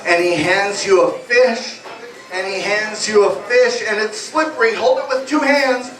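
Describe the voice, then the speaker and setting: High-voiced man hypnotizing a bar crowd. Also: fairly bright tone. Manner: playful, guiding volunteers with slow suggestions. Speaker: stage hypnotist. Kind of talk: live hypnosis comedy show. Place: small bar, live show. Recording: echoey bar from far off, music behind.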